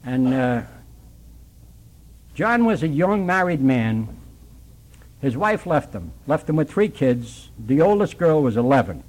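Older New working man telling his recovery story, animated and plainspoken. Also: medium pitch, slow, long pauses, poor audio. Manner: plainspoken, working-class storyteller acting out dialogue.

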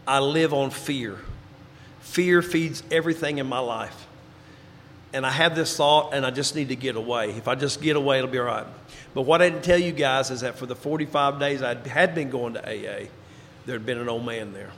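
A man giving a personal recovery testimony, telling his story and dropping into quiet, low tones for emphasis. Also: moderate pace, slight background noise. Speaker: recovery speaker. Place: large hall before an audience. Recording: reverberant hall, faint ambience.

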